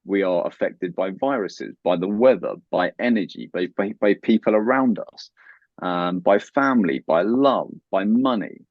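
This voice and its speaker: Earnest low-voiced man, dull lo-fi sound. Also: normal speed, no room sound. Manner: earnest, advice-giving. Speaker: guest. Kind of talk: conversational interview.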